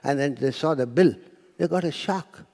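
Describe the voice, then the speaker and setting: Gravelly man lecturing in a hall. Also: on the high side, moderate pace, a little mellow. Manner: storytelling lecturer, acts out quotes, drops to near-whisper. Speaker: spiritual speaker. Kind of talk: philosophy talk to an audience.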